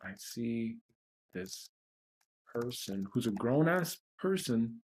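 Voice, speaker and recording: A man with a husky, somewhat breathy voice hosts a livestreamed self-help session. He talks bluntly and swears freely, venting with raw emotion straight into a close mic. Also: medium pitch, big pitch swings, slow pace, a little mellow. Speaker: host of a tapping session.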